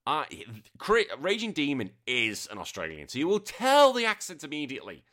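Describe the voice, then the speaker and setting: A man's voice: on the high side, wildly swooping pitch, normal speed, fairly bright tone. An Englishman in his thirties hosting a podcast, chatting casually, swearing freely and telling stories with animation. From England. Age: 30s. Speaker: podcast host.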